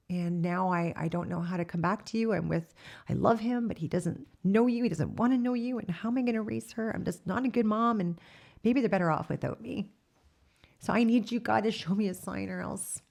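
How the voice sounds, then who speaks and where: A woman's voice: medium pitch, moderate pace, gravelly. A woman in her thirties giving a personal testimony in an interview, telling her story candidly and quoting the people in it. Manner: candid storyteller who quotes herself and laughs often.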